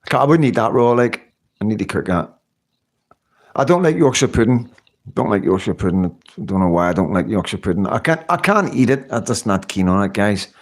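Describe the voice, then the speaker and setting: This livestream host goes through viewer comments in a rambling, talkative way, leaning on fillers and tag questions constantly. He has a lowish, very animated voice and moves along fairly quickly.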